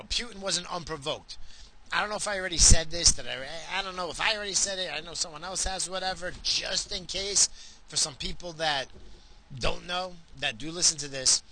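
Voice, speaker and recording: A man's voice: a little high, sharp tone, slight background noise, low-quality recording. A man in his forties hosting his own podcast, rambling and swearing through a casual rant. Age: 40s. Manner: profane, rambling, ranting. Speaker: podcast host.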